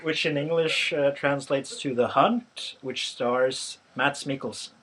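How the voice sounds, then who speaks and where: A Norwegian man hosting a podcast, reviewing a film in casual chat, halting with many fillers and restarts. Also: medium pitch, very noisy. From Norway. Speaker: podcast host.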